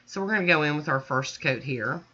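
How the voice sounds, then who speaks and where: Chatty woman doing nail art voice-over, bright sharp voice, kinda muffled lo-fi sound. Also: deep voice, lively intonation, a little fast, breathy edge. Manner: chatty, talks through each step. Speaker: nail art channel host. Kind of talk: casual voice-over nail tutorial.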